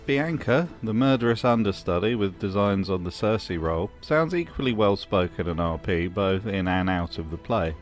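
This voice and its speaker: A man's voice: low voice, animated, normal speed, few pauses, faint music behind. A man hosting a comedic video essay, narrating with dry, mocking commentary.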